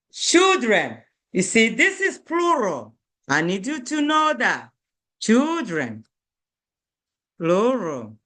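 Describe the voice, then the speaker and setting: A woman's voice: medium pitch, fairly bright tone. A woman teaching a beginner language lesson, repeating each word and checking in with "okay?".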